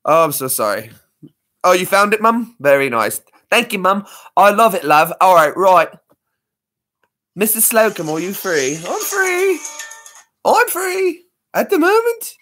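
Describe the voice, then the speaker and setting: Prim shop assistant, as a man puts him on: high, bright, drawn-out. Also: very animated, full character voice. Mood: camp.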